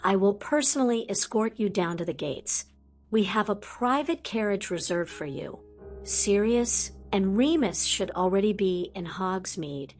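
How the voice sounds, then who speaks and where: A woman voicing a wise, calm old male headmaster in a fan audiobook, speaking in a measured, formal way. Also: mid-range voice, soft background music. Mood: welcoming.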